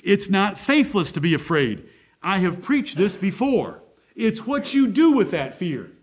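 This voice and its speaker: A man's voice: high voice, sing-song, measured pace. A male pastor preaching a sermon, driving points home with rhetorical questions.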